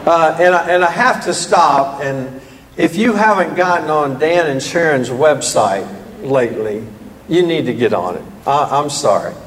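Older Southern preacher in a reverberant hall. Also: male voice, on the high side, lively intonation, measured pace, a little hiss or hum. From American South. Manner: rambling, folksy, self-deprecating. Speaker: guest preacher. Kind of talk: sermon opening remarks. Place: church hall.

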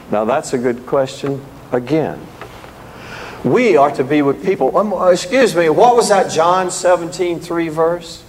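A man preaching a sermon in an animated way, rising to emphatic peaks when he reads scripture, recorded in a church. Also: fairly high pitch, measured pace, a little hiss or hum. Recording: echoey hall.

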